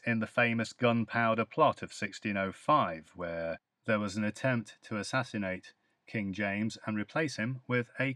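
Man, British accent, podcast English teacher, crisp bright tone, dry close recording. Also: on the low side, no room sound. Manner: explains phrases with acted example sentences. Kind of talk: podcast language lesson.

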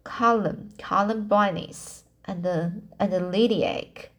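A woman reading a novel aloud, slow and halting, stumbling and restarting on hard words. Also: mid-range voice. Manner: apologizes for mistakes. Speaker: reader. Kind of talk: amateur audiobook reading.

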